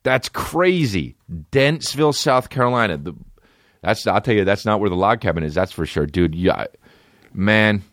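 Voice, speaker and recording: Man, very deep voice, casual comedic rant, lots of swearing, dry room. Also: lively intonation, moderate pace, a bit bright, no room sound. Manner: swearing, rambling, jumps into high-pitched impressions. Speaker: podcast host. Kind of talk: casual comedic rambling monologue.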